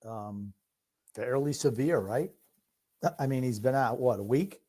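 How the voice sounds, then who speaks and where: A man's voice: medium pitch, measured pace, warm tone. A man co-hosting a casual sports podcast, laid-back and rambling as he watches a game. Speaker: podcast co-host.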